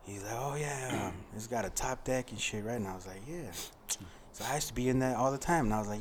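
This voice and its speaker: A man's voice: medium pitch, quick pace, a little hiss or hum. Laid-back man, slangy. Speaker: podcast co-host. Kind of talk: casual storytelling.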